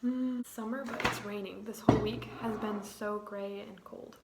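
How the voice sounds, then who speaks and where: A young woman in her twenties chats casually to her viewers, rambling with plenty of "like"s. Her voice sits at an ordinary middle pitch. The sound carries a noticeable room echo. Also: little pitch movement, normal speed, vocal fry, heavy background noise. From United States. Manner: chatty, rambling, many "like"s. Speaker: vlogger. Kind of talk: casual chat.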